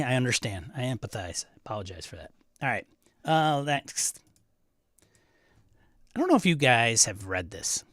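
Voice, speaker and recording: A man with a Wisconsin accent hosts a casual livestream, chatting with his viewers and tossing in quick asides. His voice sits at an ordinary middle pitch. The sound is dry and close, with no room echo. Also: sing-song. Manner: chatty, answering viewer chat aloud. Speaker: host.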